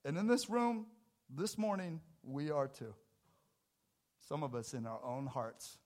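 A man preaching a sermon in a church, casual and jokey, with sudden loud, emphatic bursts. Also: medium pitch, expressive, unhurried. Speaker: pastor. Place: church sanctuary.

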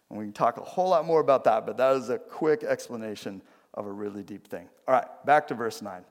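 A man's voice: mid-range voice, big pitch swings, a little fast, big-room sound. A man preaching a conversational sermon, asking his listeners direct questions. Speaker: pastor.

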